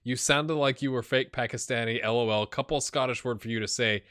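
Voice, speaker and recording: A man's voice: mid-range voice, brisk, hardly any pauses, fairly bright tone, clean tone, no room sound, clean studio sound. A man hosting a gaming channel, chatting casually through video game commentary and often repeating words as he thinks aloud.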